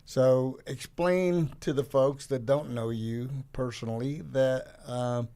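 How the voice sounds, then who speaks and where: A man with a mid-pitched voice sits in as a guest co-host in a radio studio. He asks his question hesitantly, pausing on fillers. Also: steady tone, warm tone, clear, resonant tone. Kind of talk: radio panel discussion.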